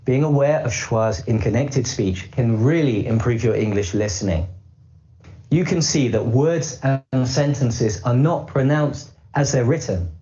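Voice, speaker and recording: A man teaching English pronunciation in scripted narration, explaining slowly and carefully and repeating model phrases. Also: medium pitch, dark tone. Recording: slightly dull lo-fi audio.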